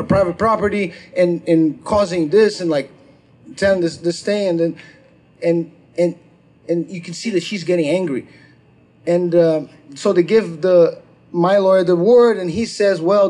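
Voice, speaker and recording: A man doing stand-up, telling a long profane story and acting out the people in it, with shouted quotes. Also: high voice, fairly even intonation, moderate pace. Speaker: stand-up comedian. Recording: live crowd laughter. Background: audience laughter.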